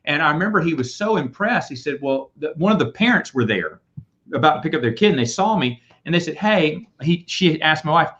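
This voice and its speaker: A man hosting a casual chat, telling rambling, animated stories. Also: a little high, a little fast. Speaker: podcast host. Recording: dull lo-fi audio.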